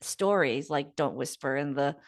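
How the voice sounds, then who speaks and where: A woman from Florida hosting a relaxed podcast interview, easygoing and laughing often. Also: deep voice, measured pace, no echo, studio quality. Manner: relaxed, laughs easily, many fillers. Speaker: podcast host. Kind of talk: casual interview. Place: lives in Southern California.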